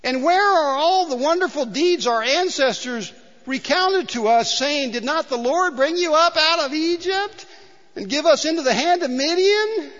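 Whiny timid young man, very high and thin, pleading, as a pastor puts him on in a dull echoing hall. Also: lively intonation, a little slow, a bit bright, full character voice. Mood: whining. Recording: dull sound in a large reverberant hall.

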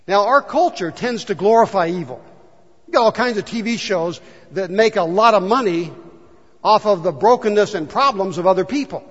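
A male pastor preaching a conversational sermon in a church, asking the congregation questions and leading a prayer. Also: high-pitched. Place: church sanctuary. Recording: dull sound with long hall reverb.

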